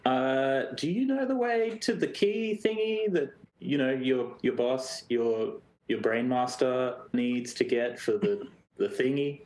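A man's voice: medium pitch, expressive, slow, darkish tone, echoey room, rough recording. A man voicing his adventurer character in a casual, bumbling old-timey manner. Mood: friendly.

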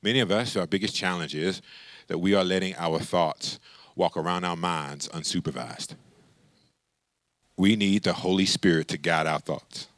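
A man preaching a sermon as pastor, animated and conversational, calling out to the congregation for responses. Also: deep voice, moderate pace, no echo. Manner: animated, with many restarts and asides.

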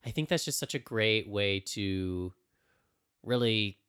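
A man's voice: fairly low pitch, takes it slowly, fairly bright tone, clean tone. A man co-hosting a casual podcast, explaining things in a thoughtful, earnest way. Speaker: podcast co-host. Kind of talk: casual podcast chat about astrology.

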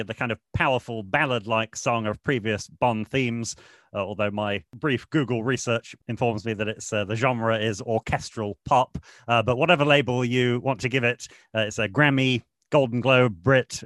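A man's voice: mid-range voice, fairly bright tone, no echo. Man chatting in a dry, close sound. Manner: hesitant, many "uh" fillers. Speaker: podcast co-host. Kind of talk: casual chat about film music.

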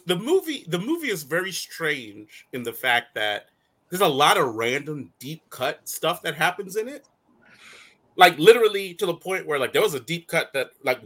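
A man co-hosting a fan talk show in casual chat, animated and rambling, with many restarts and frequent laughs. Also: fairly high pitch, breathy edge. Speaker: co-host of a call-in fan show.

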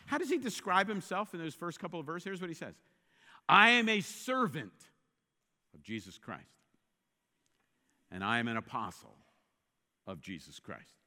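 A man delivers a sermon with a high, bright voice that swings widely in pitch. He builds to forceful, emphatic repetitions. The sound carries a long reverb, as in a large hall. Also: moderate pace, long pauses. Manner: animated preaching, rising to emphatic repeated exclamations. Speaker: pastor.

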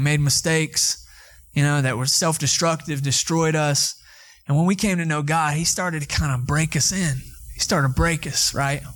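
Animated pastor, slightly high voice. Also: male voice. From Atlanta, Georgia. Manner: conversational storytelling, animated. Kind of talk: sermon.

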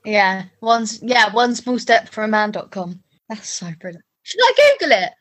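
A young woman co-hosting a podcast, playful and quick to laugh and riff on jokes. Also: medium pitch, big pitch swings, fairly bright tone. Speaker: podcast co-host. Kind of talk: casual chat.

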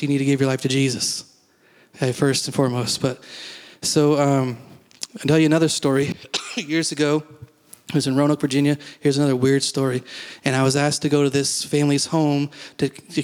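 A man's voice: medium pitch, clean tone. A middle-aged man giving a conversational sermon as a pastor, teaching in a folksy way with many asides.

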